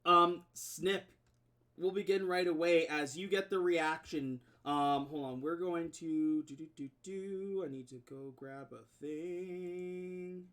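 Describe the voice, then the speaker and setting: Male game master, fairly high voice, rambling narration. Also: fairly even intonation, slow pace, fairly bright tone, smooth. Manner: rambling, filler-heavy description.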